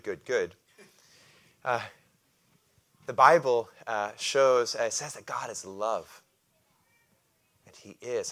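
A man preaching a sermon, calling out to the congregation for responses and explaining scripture in a loose conversational way with light humor. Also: on the low side. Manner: call-and-response with congregation, animated emphasis. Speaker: pastor.

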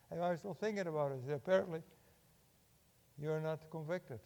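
Older preacher in a reverberant hall. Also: male voice, on the high side, fast, vocal fry, long pauses, highs cut off. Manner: impassioned, swings from loud urging to hushed. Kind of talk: sermon.

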